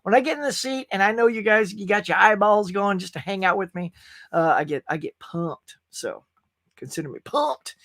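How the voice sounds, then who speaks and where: A man's voice: high voice, moderate pace, creaky, a bit bright. A middle-aged man hosting a casual live stream, chatty and upbeat as he reads out viewers' comments. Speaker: host.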